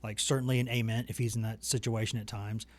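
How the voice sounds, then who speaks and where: A man's voice: fairly low pitch, little pitch movement, fast talker, a little mellow. A man hosting a casual sports talk show, chatty and rambling, with self-deprecating humor. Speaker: sports reporter and show host. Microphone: desk microphone.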